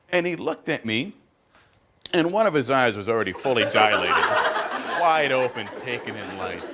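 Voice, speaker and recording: A middle-aged man works a stand-up comedy crowd, his pitch leaping up and down as he tells stories and drops punchy asides. The live stage recording carries a clear layer of noise behind him. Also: moderate pace. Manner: animated storytelling with punchy asides.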